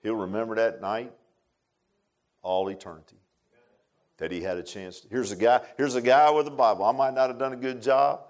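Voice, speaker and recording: A man, preaching a sermon in a folksy way, dropping to hushed asides and rising to loud emphatic lines. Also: mid-range voice, fairly even intonation, normal speed, pauses often. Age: 60s. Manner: folksy, repeats phrases, calls listeners "man". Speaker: pastor.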